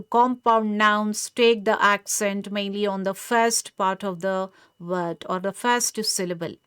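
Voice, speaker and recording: In a measured, explanatory manner, a woman reads a scripted lecture on pronunciation. Her mid-range voice is smooth, crisp and a bit bright, captured up close with a dry sound free of room echo.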